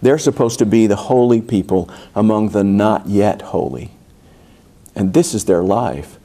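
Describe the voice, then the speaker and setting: A man's voice: on the low side, a little slow, mellow. A man preaching a sermon in a church, talking in a loose, conversational way with asides and restarts. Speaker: pastor. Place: church sanctuary.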